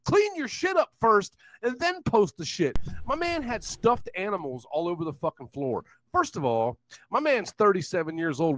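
Loud, animated ranting man with swearing. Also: sits high, no room sound. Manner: loud profane ranting, frequent swearing, laughing mockery. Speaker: livestream host. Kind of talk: profane ranting live stream.

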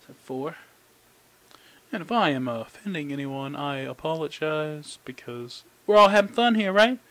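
A man giving casual, jokey commentary as he opens trading card packs, excitable and talking to his cards. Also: fairly high pitch, measured pace, no room sound. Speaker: card collecting YouTuber. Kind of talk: casual pack-opening commentary.

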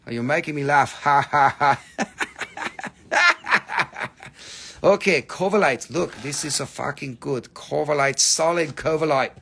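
Guy with a gravelly fry voice hosting a live rock sale, jokey, swears a lot, teases the chat. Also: a little high, moderate pace, few pauses, a bit bright. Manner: joking, profane and chatty, teasing viewers. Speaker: host selling rocks and minerals on a livestream. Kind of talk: casual live sales chat.

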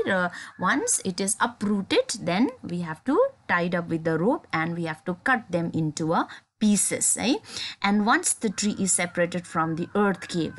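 A woman's voice: fairly low pitch, slight background noise. Nepali-accented woman teaching a poem. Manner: mixes Nepali and English, checks in with "है?" often; halting, many fillers and restarts. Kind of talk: classroom poem explanation.

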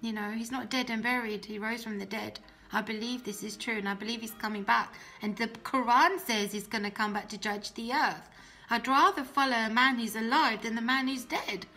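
Woman, young adult, crisp bright tone, faint background music, heartfelt storytelling. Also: a little high, steady tone, moderate pace. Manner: earnest, emotional, drops soft and quiet when quoting herself. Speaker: guest telling her testimony. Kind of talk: personal testimony, storytelling.

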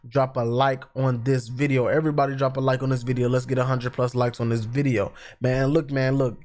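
A man's voice: mid-range voice, level tone, fairly quick, few pauses, very noisy. A man, a gaming YouTuber, gives hyped, chatty live gameplay commentary and talks straight to his viewers. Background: music.

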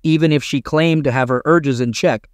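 A man reading a first-person story aloud as a narrator, in a steady, even storytelling manner, on a close mic. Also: a little high, normal speed, smooth, no echo.

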